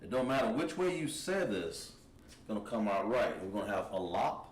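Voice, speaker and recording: A man teaching a language class, thinking aloud and pausing while he writes on a board. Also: lowish voice, sing-song. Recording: echoey room, mic at a distance, faint noise.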